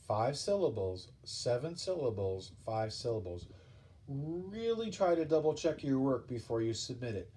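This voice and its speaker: Male teacher, patient and repetitive, unhurried delivery, lots of melody in the voice. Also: mid-range voice, a little mellow. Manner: patient, repeats key points, counts out syllables. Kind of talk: classroom instruction video.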